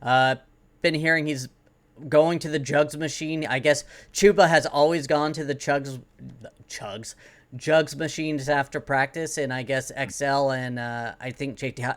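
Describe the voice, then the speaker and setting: Male podcast co-host, slightly high voice, chatty, halting delivery full of "like"s. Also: fairly even intonation. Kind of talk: casual sports podcast chat.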